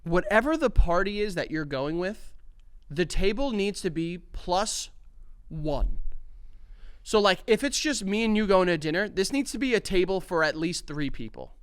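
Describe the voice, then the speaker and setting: A man's voice: high-pitched, normal speed, clear, resonant tone, no echo. A man co-hosting a podcast, chatting casually and emphatically with friends. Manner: animated, emphatic, talks over others. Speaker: podcast co-host. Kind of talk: casual chat.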